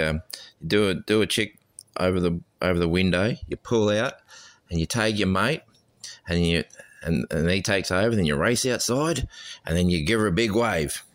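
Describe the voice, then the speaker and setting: Deep caller, fumbles his punchlines, dry recording. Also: dry recording. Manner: stumbling, loses his way mid-joke. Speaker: listener sending in a voice message. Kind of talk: quick dirty jokes.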